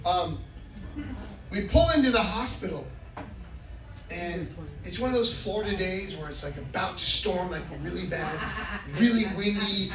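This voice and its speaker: A man doing stand-up, telling a self-mocking story with animated energy. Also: high-pitched, moderate pace, long pauses, far from the mic. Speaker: stand-up comedian. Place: comedy club, indoors. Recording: roomy club from afar, loud crowd. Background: audience laughter.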